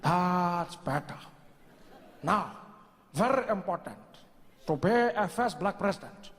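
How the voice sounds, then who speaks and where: A man doing a slow, grand, dryly teasing elderly statesman in a stand-up impression, dragging out every word. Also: high voice, expressive, a bit bright, in a large hall, heavily acted. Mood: amused coaching. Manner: slow, drawn-out, deliberate delivery with long pauses.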